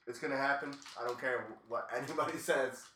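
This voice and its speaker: A man with a very bright, forceful voice chats loosely with his friends, swearing and packing "like" into nearly every phrase. He sounds set back from the mic in an echoey room, and a faint noise runs underneath him. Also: medium pitch, fast, distant mic. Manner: loose, profane, fills with "like". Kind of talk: casual chat while gaming. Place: room with friends playing a video game.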